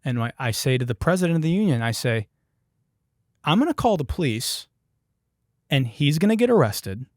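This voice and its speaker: A man's voice: a little high, big pitch swings, normal speed, pauses often, dry recording, studio quality. A man from Detroit hosting a podcast, telling a story in a profane, emphatic way. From Detroit, United States. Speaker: podcast host. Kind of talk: comedic storytelling.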